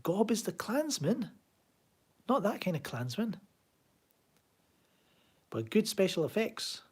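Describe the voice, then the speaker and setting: Slightly rough and a little mellow, this man's high voice has a sing-song lilt and a slow pace. He's a Scot with a Glaswegian accent, live streaming from his home room, rambling sardonically, answering chat casually and reading it out.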